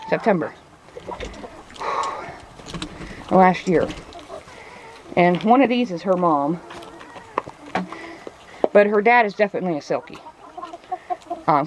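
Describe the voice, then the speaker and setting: A woman chatting casually while doing farm chores outdoors, talking to her animals. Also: medium pitch. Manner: chatty, coos baby talk to her animals. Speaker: farm vlogger. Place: outdoors at a chicken coop on a farm. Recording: noisy outdoor farm recording. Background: chickens clucking.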